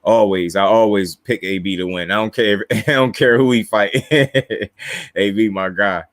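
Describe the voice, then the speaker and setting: A New Jersey man runs a relaxed boxing live stream, using plenty of slang and laughing softly at viewer comments. He speaks at a normal speed in a fairly low voice, recorded without echo.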